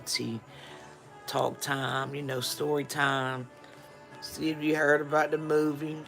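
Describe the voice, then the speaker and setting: A woman hosting a live stream, telling a rambling storytime and acting out the dialogue. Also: deep voice. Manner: animated storyteller who acts out dialogue; rambling, frequent restarts and asides. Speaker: livestream host.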